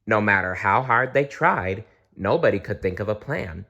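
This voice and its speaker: A man reading a children's storybook aloud, gently and with small restarts. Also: on the low side, lively intonation, moderate pace, creaky, lo-fi sound.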